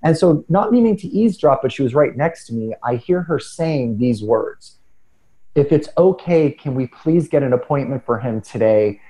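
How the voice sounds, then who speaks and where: Earnest, warm-toned man telling stories. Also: medium pitch, moderate pace, poor audio. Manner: animated, earnest, self-deprecating with frequent restarts. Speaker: podcast guest speaker. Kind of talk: casual conversational storytelling.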